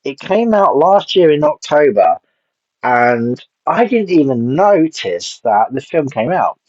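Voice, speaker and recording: A man's voice: on the high side, very animated, takes it slowly, darkish tone, no echo. A man reviewing a film in a casual, rambling way, blunt and swearing offhandedly. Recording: dull lo-fi dry sound.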